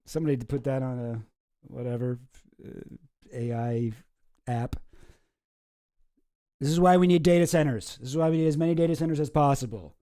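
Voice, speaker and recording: A man's voice: medium pitch, warm tone, no room sound, studio quality. A man hosting a casual comedic commentary video, talking in a rambling, wry way and often cutting himself off mid-sentence. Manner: rambling, self-interrupting, wry. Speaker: YouTube commentary host.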